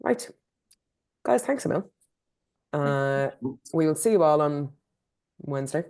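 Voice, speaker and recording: An Irish woman organising an event, giving brisk practical instructions on a video call. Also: low-pitched, animated, a little mellow, clear, resonant tone. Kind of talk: online meeting briefing.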